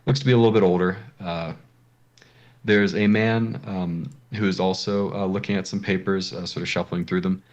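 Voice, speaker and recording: A man's voice: low voice, fairly even intonation, normal speed, a little mellow, muffled recording. A man narrating as game master for a tabletop role-playing game, describing scenes with frequent ums and uhs. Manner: hesitant, many ums and uhs.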